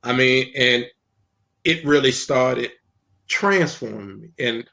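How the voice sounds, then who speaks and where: A man who is a minister, telling his personal testimony in an interview in an earnest storytelling way with frequent pauses and ums. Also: medium pitch, gravelly, pushed and bright.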